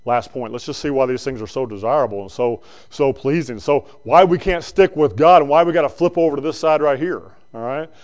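A male preacher giving a conversational sermon that swings between loud bursts and quiet asides. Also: medium pitch, brisk, hardly any pauses.

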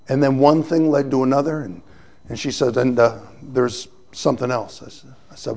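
A man gives a personal testimony, telling his story in an animated way and acting out the voices of people he quotes. His voice is medium-pitched and creaky, at a moderate pace.

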